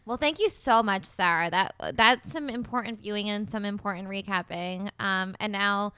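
A young woman hosting a podcast in a wry, upbeat, casual way. Her voice is bright and crisp, recorded close and dry. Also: mid-range voice, normal speed, dry recording. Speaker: podcast host.

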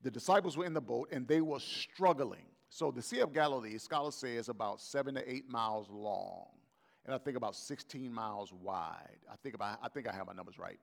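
A man's voice: mid-range voice, brisk, gravelly. A man, the pastor, preaching a conversational sermon and acting out the voices of biblical figures.

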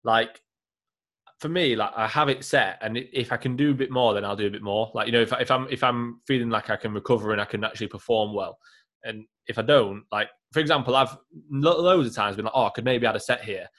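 A man's voice: medium pitch, quick pace, a bit bright. A man hosting a casual podcast, rambling with hesitant restarts and casual swearing. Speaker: podcast host.

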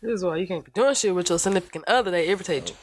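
A woman hosting a casual podcast, telling stories in an animated, profane way and mimicking other people's voices. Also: lowish voice, rapid-fire, no room sound. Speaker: podcast host. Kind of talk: casual chat.

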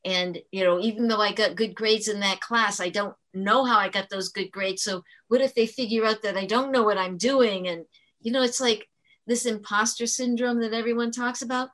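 A woman's voice: medium pitch, steady tone, normal speed, a bit bright. A woman who works as a teacher, talking earnestly in an interview and explaining her points with frequent restarts. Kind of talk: conversational interview storytelling.

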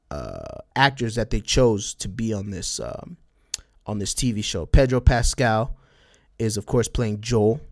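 A man's voice: fairly low pitch, a little mellow. Rambling man with a Texas border twang. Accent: West Texas border, Spanish-tinged. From El Paso, Texas. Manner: rambling, halting, many fillers and restarts. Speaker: podcast host. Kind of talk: casual solo podcast talk.

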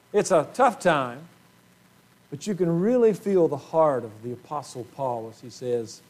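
A male pastor preaching a sermon to his congregation, earnest, often clearing his throat and asking rhetorical questions. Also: mid-range voice, normal speed, darkish tone. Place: church sanctuary.

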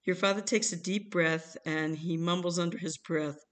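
A woman's voice: on the low side, moderate pace. An older American woman telling family stories to her child, chuckling and acting out the people in them. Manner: animated, chuckling, acts out voices in her stories. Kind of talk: casual storytelling.

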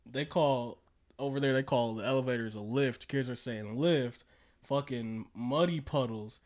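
A young man co-hosting a casual podcast chat, animated and profane, laughing often. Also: medium pitch, normal speed. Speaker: podcast co-host.

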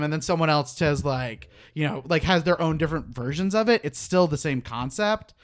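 A man's voice: fairly high pitch, sing-song, fast, hardly any pauses, fairly bright tone. A man co-hosting a casual podcast chat, rambling with many fillers and laughing often. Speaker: podcast co-host.

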